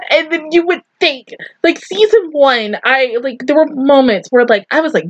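A woman reviewing anime in a casual, emotional way, swearing freely and sounding close to tears. Her voice sits high and swings widely in pitch. The recording sounds a little dull and lo-fi. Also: animated, moderate pace, hardly any pauses. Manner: gushing, emotional, swears often. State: teary, close to crying. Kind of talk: casual reaction commentary.

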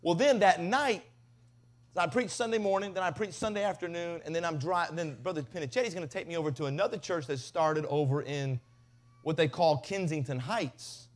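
High-voiced evangelist spinning a story. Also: male voice, moderate pace. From Mississippi. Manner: animated, comic storytelling with quoted voices. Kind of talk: revival sermon storytelling.

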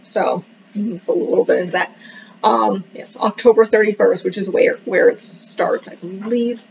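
A woman's voice: medium pitch, steady tone, unhurried, vocal fry, slight background noise. A woman casually reviewing a book, rambling with many fillers and joking that she cannot pronounce the words. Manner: self-deprecating about pronunciation. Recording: dull lo-fi recording.

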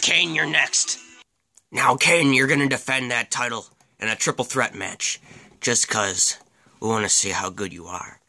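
A man calling a mock wrestling match with excitable play-by-play commentary and deadpan asides. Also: medium pitch, measured pace, vocal fry.

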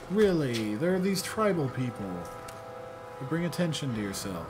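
A man's voice: mid-range voice, sing-song, normal speed, music in the background. A young man giving casual, joking commentary while playing a video game, rambling and sarcastic. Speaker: let's play gamer.

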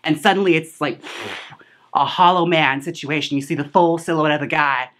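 A woman's voice: low-pitched, fairly even intonation, moderate pace. A woman hosting a casual movie recap, chatty and sassy, full of filler words and side remarks. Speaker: host reviewing a film.

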